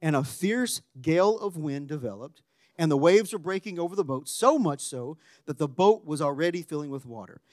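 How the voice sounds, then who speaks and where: A man preaching a sermon, animated and conversational, dropping to a hushed voice when acting out quotes. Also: on the high side, moderate pace, dry recording, studio quality. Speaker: pastor.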